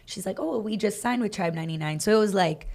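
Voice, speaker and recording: A woman co-hosting a podcast, telling animated stories in casual chat and acting out what people said. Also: mid-range voice. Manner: animated, acts out quoted dialogue, fast bursts. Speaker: podcast co-host, dance team coach.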